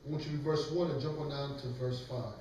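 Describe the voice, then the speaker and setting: A man preaching and leading a scripture class lectures emphatically and asks others to read. He speaks fast in a steady, darkish, medium-pitched voice, recorded with a far-off mic in an echoey room.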